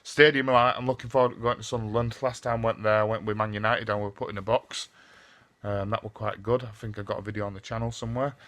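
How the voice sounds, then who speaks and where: A man's voice: on the low side, fairly even intonation, fast, fairly bright tone. A man with a Northern English accent giving a casual football season review on his vlog. He talks bluntly and swears often, rambles, and keeps repeating the same stock phrases. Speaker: football fan vlogger.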